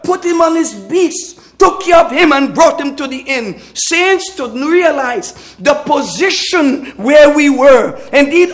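A man's voice: extremely high pitch, fairly bright tone. A man preaching a sermon, fervent and emphatic, at times dropping his voice almost to a whisper. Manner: fervent, emphatic, with dramatic drops to near whisper.

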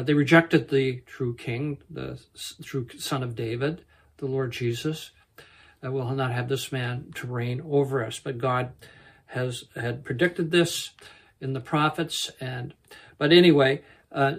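A man teaching verse by verse through a Bible book, unhurried and halting, with many pauses and self-corrections. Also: medium pitch, creaky.

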